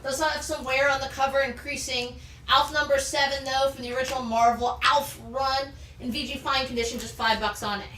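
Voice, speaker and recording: A woman's voice: sits high, steady tone, a little fast, bright, forceful tone, distant mic. A woman hosting a live comic sales show, chatty and enthusiastic as she rattles off issue details and prices. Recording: roomy, off-mic, faint background noise.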